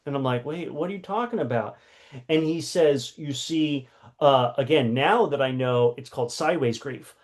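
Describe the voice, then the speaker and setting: A man's voice: fairly high pitch, darkish tone. A man teaching a workshop lesson, telling a personal story in a conversational way with many fillers.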